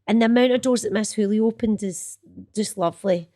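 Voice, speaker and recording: A chatty middle-aged Scottish woman in a relaxed interview. She talks fast and loose, with lots of asides and easy laughter, and a mid-range voice. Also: medium pitch. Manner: chatty and animated, swears and laughs easily. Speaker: actress guest. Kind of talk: casual reminiscing chat.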